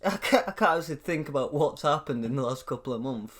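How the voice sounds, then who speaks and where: A man's voice: mid-range voice, lively intonation, fast. Young British man, sweary and laughing. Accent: British English. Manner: swears a lot, laughs often, says "like" and "mate". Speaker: podcast co-host. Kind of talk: casual chat.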